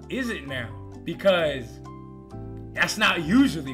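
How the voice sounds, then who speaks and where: A young man spins a comic story from his own life in a loose, animated way. His voice sits high and sounds bright and forceful, and he swears freely and punches each line. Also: unhurried, faint music behind. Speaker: comedian host. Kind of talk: casual comedic storytelling.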